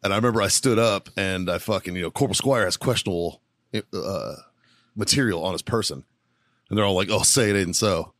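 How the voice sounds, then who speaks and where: A man's voice: low voice, a little fast, a bit bright, no echo. A middle-aged man, a podcast co-host, telling a profane story in a laughing, casual way.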